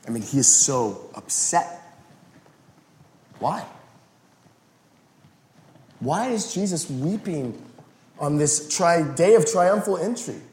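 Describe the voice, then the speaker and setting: A male pastor giving a sermon in an animated, conversational way. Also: on the high side, slow pace, long pauses. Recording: roomy echo.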